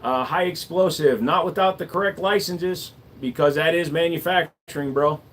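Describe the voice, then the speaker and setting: On a relaxed livestream, a gunsmith fields viewer questions in a voice on the high side with a fairly bright tone. He jokes around easily and stretches out his word endings.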